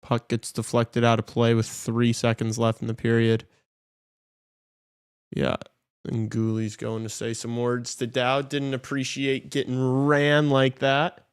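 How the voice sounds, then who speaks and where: A young man co-hosting, his mid-range voice loose and chatty. He jumps into excited bursts now and then. The sound is dry, with no room ring. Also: mid-range voice, measured pace, clean tone, dry recording. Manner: loose banter with sudden excited outbursts. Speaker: podcast co-host. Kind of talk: casual live game-watch chat.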